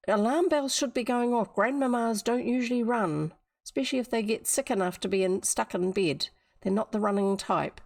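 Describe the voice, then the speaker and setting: A woman's voice: on the high side, moderate pace, creaky, a little mellow. A woman with a New Zealand accent reading an old fairy tale aloud on a live stream, adding chatty asides. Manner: chatty asides between read passages.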